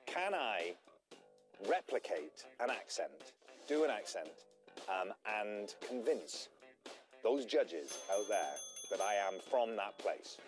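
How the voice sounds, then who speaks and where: Man as TV contestant, lower voice, lively delivery, loud music underneath. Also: slow. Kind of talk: presenting to camera.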